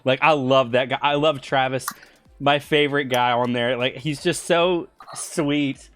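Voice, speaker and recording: Soft music plays under a mid-range, slightly bright male voice speaking a little slowly with fairly even intonation. He's a streamer game-mastering a tabletop session on a casual livestream, rambling, stumbling over restarts, and drifting off topic.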